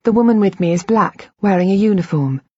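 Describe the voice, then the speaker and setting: A woman reading an audiobook in the first person, in a measured, quiet and introspective way. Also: medium pitch, lively intonation, husky, no room sound, muffled recording. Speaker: audiobook narrator. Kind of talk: scripted audiobook narration.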